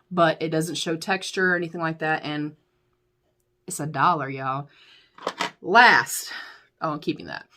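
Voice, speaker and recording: Young woman, lower-pitched voice, candid and chatty, laughs easily, reviews makeup at a desk. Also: a bit bright. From United States. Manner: candid, chatty, addresses viewers as y'all, laughs often. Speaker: beauty YouTuber. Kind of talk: casual chatty product review.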